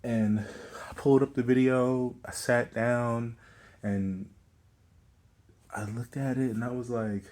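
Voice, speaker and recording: A man's voice: medium pitch, fairly even intonation, slow, long pauses, a little mellow. A man talking through a casual fitness update, a little out of breath, rambling with fillers and restarts. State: slightly out of breath. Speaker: vlogger.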